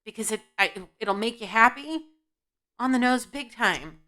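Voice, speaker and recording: A woman's voice: a little high, animated, moderate pace, sharp tone. A woman giving an intuitive spiritual reading at home, blunt and scolding, asking her guides questions and answering herself. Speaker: intuitive reader. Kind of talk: tarot-style spiritual reading to camera. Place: home, indoors.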